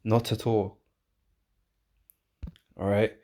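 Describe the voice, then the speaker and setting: Rambling, low-voiced man preaching. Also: level tone, very slow, warm tone. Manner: rambling, repetitive, emphatic with frequent fillers and tag questions. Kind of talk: informal preaching with scripture reading.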